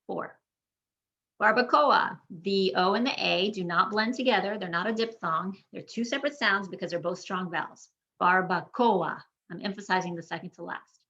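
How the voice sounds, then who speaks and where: A woman teaching a pronunciation lesson online, modeling words slowly and deliberately for learners to repeat. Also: mid-range voice, pushed and bright, lo-fi sound. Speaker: Spanish teacher. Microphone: screen-share recording.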